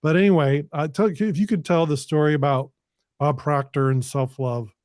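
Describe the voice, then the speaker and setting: A man's voice: fairly high pitch, normal speed, darkish tone, no room sound, clean studio sound. A man hosting a podcast interview, asking questions in a casual, hesitant way. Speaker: podcast host.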